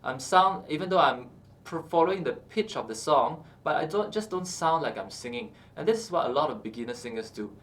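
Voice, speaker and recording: A man with a fairly high speaking voice talks through singing technique in a calm, explanatory way. He pauses on fillers and often checks in with a quick "okay". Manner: explains calmly with frequent uh and okay, breaks into short sung examples. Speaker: singing teacher. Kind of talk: instructional talk with sung demonstrations.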